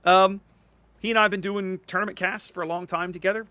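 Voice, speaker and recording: A man's voice: high voice, level tone, fast, bright, forceful tone, no echo. A man streaming a video game, chatting casually with viewers and often repeating words as he thinks. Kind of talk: casual live-stream commentary.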